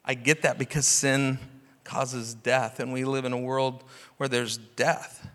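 A man's voice: medium pitch, flat delivery, unhurried, fairly bright tone. Impassioned preacher man in a reverberant hall. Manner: impassioned preaching with rhetorical questions. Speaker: pastor. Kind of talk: sermon. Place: church sanctuary.

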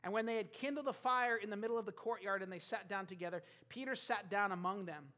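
A man's voice: sits high, fast, sharp tone. A man preaching a sermon, retelling a scripture story and acting out the characters' lines.

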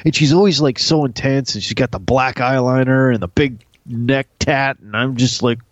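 A man chatting casually about a TV series, animated and crude, joking with his co-host. His voice sits in a middling register. The recording is dry, with a slightly dull, lo-fi sound. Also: medium pitch, normal speed, no echo. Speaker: podcast co-host. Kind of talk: casual TV recap chat.

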